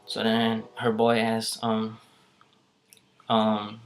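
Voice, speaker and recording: A young man casually retelling a story, rambling with lots of fillers in a flat, even delivery. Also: lowish voice, drawn-out words. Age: young adult. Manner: rambling, full of "like" and "um". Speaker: vlogger telling a story.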